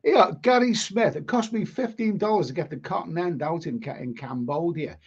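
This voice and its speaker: A man's voice: fairly high pitch, moderate pace, husky, dull audio. An older man with a Liverpool accent, hosting a live stream and chatting casually as he reads out viewer comments, rambling, repeating himself and swearing bluntly. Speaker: live stream host reading chat. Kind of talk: casual chat.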